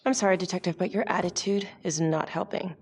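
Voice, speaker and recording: An actress voicing a composed district attorney in a game, who questions police in a measured, firm way. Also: female voice, lowish voice, fairly even intonation, a little mellow, slightly rough, far from the mic, soft background music.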